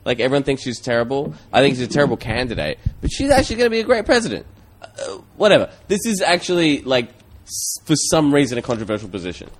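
A man's voice: medium pitch, very animated, quick pace, a little hiss or hum. A man hosting a comedy podcast, chatting casually, opinionated and sweary.

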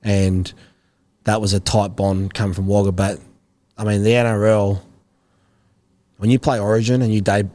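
A relaxed Australian man in his thirties, an ex-footballer spinning loose, slangy anecdotes as an interview guest. His voice sits fairly low, and he talks in an easy, unhurried way. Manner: laid-back, rambling anecdotes with slang. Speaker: interview guest, former rugby league player. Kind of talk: casual interview storytelling.

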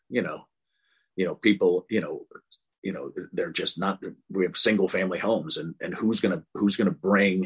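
Older man, from Texas, husky, low-pitched, earnest, rambling storyteller. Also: fairly bright tone. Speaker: guest, author. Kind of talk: casual interview talk.

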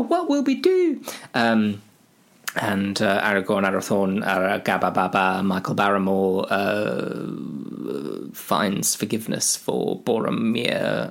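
A man's voice: lowish voice, creaky, fairly bright tone. A man with a rambling, self-mocking manner, retelling a story for comedy with lots of fillers. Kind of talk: rambling comic plot retelling.

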